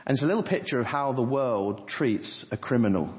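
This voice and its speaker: A man's voice: medium pitch, lively intonation, fairly quick, darkish tone. A man preaching an earnest sermon as a pastor, acting out quoted speech in a raised voice. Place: church hall. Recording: dull reverberant church recording.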